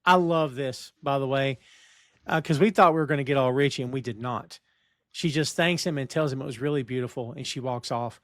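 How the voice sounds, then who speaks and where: A man's voice: medium pitch, fairly quick, a bit bright, dry recording, studio quality. A man co-hosting a TV review podcast, recapping scenes bluntly and acting out the characters' lines. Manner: blunt, acts out quoted lines. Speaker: podcast co-host. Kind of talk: casual TV review chat, recapping plot.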